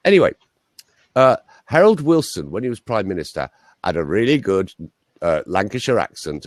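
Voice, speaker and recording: Man, low voice, animated pitch, dry sound, anecdotal voice coach. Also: normal speed, no room sound. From England. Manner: chatty, anecdotal, emphatic. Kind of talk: interview guest, conversational storytelling.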